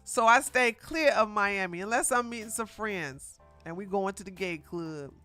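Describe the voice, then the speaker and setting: A woman's voice: mid-range voice, moderate pace, sharp tone, faint music behind. A streamer, likely a woman, giving rambling, mocking reaction commentary.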